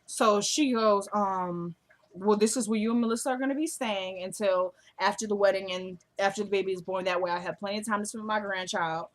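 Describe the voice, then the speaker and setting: A woman with a mid-range voice recaps a TV episode at a fairly quick pace. She keeps it chatty and casual, acting out the characters' lines as she goes.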